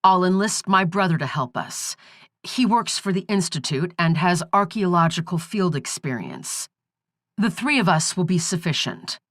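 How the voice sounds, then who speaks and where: A woman voicing a determined female archaeologist who speaks in a crisp, businesslike way. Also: lowish voice, very animated, moderate pace, fairly bright tone, no echo, studio quality, exaggerated voice.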